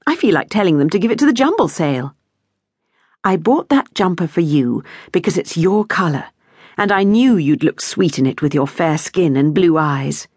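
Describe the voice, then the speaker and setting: A woman's voice: lowish voice, lively intonation, normal speed, a little mellow, slightly rough, dry recording, studio quality. A woman narrator voicing a chattering, gushing neighbour woman who is a mother, in an effusive, breathless manner, as an audiobook character.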